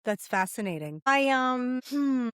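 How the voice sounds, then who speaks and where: A woman's voice: sits high, expressive, unhurried, fairly bright tone, smooth, dry recording, studio quality. A woman hosting a casual interview, speaking in a thoughtful, searching way. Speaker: podcast host.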